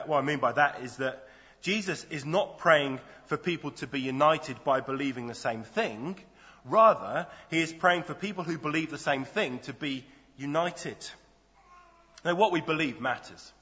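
A man's voice: a little high, bright, forceful tone. A man preaching a sermon in a conversational, storytelling way. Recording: dull lo-fi sound in a reverberant hall.

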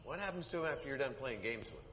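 An actor playing a kind, patient man who buys captives their freedom, speaking calmly and earnestly, on a dull echoey hall recording with music. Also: mid-range voice, quick pace, slight background noise, natural voice. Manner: calm, gentle and earnest.

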